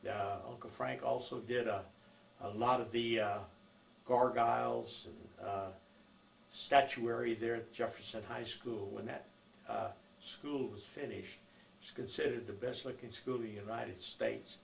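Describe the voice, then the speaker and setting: A man's voice: mid-range voice, steady tone, a little slow, creaky. An older man telling family stories from his life in a rambling, folksy way, full of fillers. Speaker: oral history narrator. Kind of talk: recorded life-story reminiscence. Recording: echoey room with faint noise.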